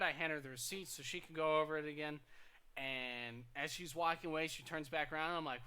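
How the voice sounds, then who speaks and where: A young man co-hosting a podcast, telling work stories in casual chat, getting loud and animated when he quotes people. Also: a little high, brisk, clean tone. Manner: animated, rises loud when quoting people, stammers restarts. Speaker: podcast co-host.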